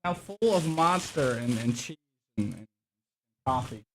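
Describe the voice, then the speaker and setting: A man's voice: medium pitch, measured pace, noisy background. A young man chatting casually on a livestream, rambling and swearing freely. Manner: excitable, swears a lot, rambling.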